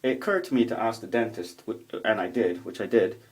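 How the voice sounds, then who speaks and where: A man's voice: on the low side, a little fast. Profane, rambling man vlogging at home. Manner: profane, rambling, animated storytelling. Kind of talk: casual rambling monologue. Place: home room with a roommate nearby.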